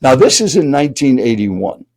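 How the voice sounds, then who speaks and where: A man's voice: mid-range voice, very animated, normal speed, darkish tone. An older man, a speaking coach and guest, telling a dramatic story while speaking directly to the listener. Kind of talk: animated storytelling.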